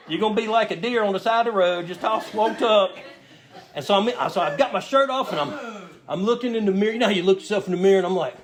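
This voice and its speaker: High-voiced man telling a funny story. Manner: storytelling, acts out his own quotes in a raised voice. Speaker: recovery meeting speaker. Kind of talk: humorous personal story told to an audience. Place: meeting room with a live audience. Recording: audience laughter in the room.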